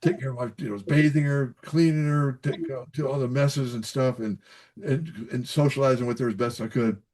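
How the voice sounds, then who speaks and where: A man's voice: medium pitch, fairly even intonation, normal speed, darkish tone. An older man, a pediatrician giving folksy, emphatic advice in a casual interview, often repeating himself and checking in with "okay?". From Kentucky. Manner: folksy, repetitive, emphatic with frequent "so anyways" and "okay?". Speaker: pediatrician guest.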